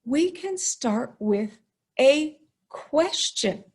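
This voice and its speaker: A woman teacher giving an upbeat writing lesson to young students, explaining slowly and stressing key words. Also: high voice, animated, a little mellow.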